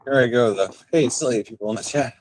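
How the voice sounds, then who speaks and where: This man speaks fast in a mid-range voice. He's tipsy and live streaming on a handheld phone as he walks the town streets outside, rambling on and bantering rowdily with his chat.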